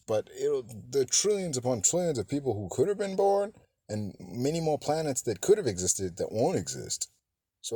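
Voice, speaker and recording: A man's voice: lowish voice, darkish tone, no room sound, clean studio sound. A man hosting a podcast, giving a casual, rambling film review full of swearing and fillers. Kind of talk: casual movie review monologue.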